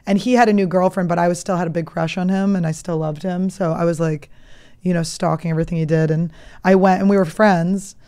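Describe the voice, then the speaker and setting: A woman's voice: fairly low pitch, steady tone, brisk, a little mellow. A woman in her thirties hosting a comedy podcast, telling stories in a blunt, profane, joking way. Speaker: podcast host. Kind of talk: casual comedic chat.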